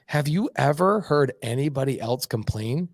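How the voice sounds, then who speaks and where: A middle-aged man telling blunt, animated stories as a podcast guest. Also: medium pitch, normal speed, dry recording, studio quality. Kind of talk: casual podcast conversation.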